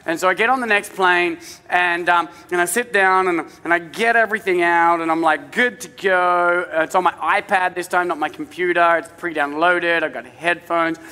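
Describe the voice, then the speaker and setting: A man's voice: sits high, normal speed, pushed and bright, clean tone, big-room sound. A man with an accent, a pastor telling a self-mocking, chatty story in a humorous sermon in a church. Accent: non-native English accent.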